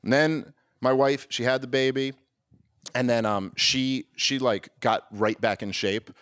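A man's voice: mid-range voice, steady tone, measured pace, fairly bright tone, clear, resonant tone, no echo, studio quality. A man in his thirties doing a stand-up comedy set, rambling and self-deprecating, often restarting his sentences and acting out little exchanges.

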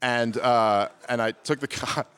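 A man doing stand-up, telling a story in an animated way and pushing his voice high and loud when he acts out his own exasperation. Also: unhurried. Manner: animated, climbs to near-shouting exasperation when acting out arguments. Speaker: stand-up comedian.

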